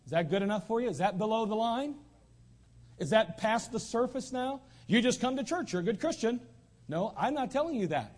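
A man preaches in a church sanctuary, his voice pitched high for a man. He drives his points home emphatically, repeating lines for stress. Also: lively intonation, fairly quick, darkish tone. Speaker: pastor. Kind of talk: sermon.

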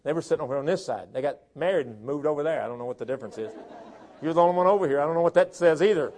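A man preaches with a notably high voice, reading out scripture verse after verse. He hits the key words hard and loud, then slips into folksy, chatty asides. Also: expressive, rapid-fire, a faint crowd. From southern Tennessee and northern Alabama, US.

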